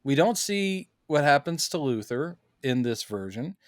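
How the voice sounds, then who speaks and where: A man's voice: a little high, sing-song, unhurried, no echo, clean studio sound. A man, a podcast co-host, chatting casually as he recaps a film and acts out the characters' lines in funny voices.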